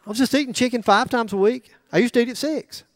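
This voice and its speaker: A man's voice: extremely high pitch, fast talker, no echo, studio quality. A middle-aged man preaching a sermon in a joking, conversational way, with asides to the congregation. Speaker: pastor.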